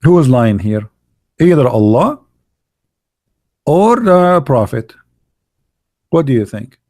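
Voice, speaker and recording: A man mocking his subject in a loose, sarcastic monologue. His delivery is halting and full of fillers, with sudden jumps up into laughter. The sound is dry, with no room around it. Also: mid-range voice, big pitch swings, dark tone, dry recording. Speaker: online religious debater. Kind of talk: casual monologue.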